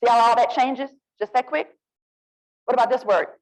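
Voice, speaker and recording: A woman with an Alabama Southern accent, leading a lively, interactive literacy workshop and coaxing the audience to join in. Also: fairly high pitch, moderate pace, rough recording. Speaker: literacy presenter.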